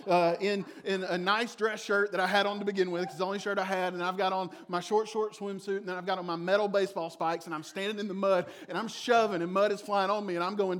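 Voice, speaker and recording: A middle-aged man preaching a sermon, telling a lively personal story that swings from loud excitement to soft, reflective moments. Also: high voice. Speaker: pastor.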